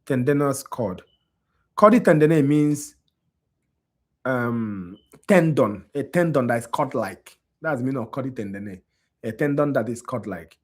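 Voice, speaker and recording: A worn-out man teaches an anatomy class. His voice is husky and his pitch rises and falls a lot. He keeps asking his students whether they follow. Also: expressive, measured pace, darkish tone. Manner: quizzing students with repeated checks like "you understand?". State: tired. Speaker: anatomy instructor. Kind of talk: classroom lecture.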